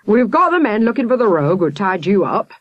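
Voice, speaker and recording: A woman's voice: mid-range voice, very animated, moderate pace, no echo, muffled recording, pitched above the performer's own voice. A woman voicing a stern, self-important male police sergeant in a storybook.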